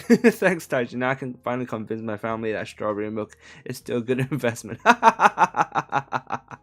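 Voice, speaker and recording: A man's voice: medium pitch, very animated, normal speed, a bit bright, faint music behind. A man from Hong Kong translating a novel live on stream, talking casually and rambling with many fillers and self-corrections.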